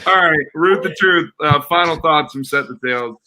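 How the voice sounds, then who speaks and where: A man's voice: fairly high pitch, moderate pace, noisy background. A man hosting a casual sports podcast, jokey and rambling, with frequent laughs. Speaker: podcast host.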